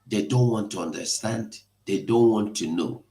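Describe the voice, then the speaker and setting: A man hosting an impassioned live broadcast, pleading and emotional, at times rising to shouts. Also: lowish voice, normal speed. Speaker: online broadcast host. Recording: echoey room.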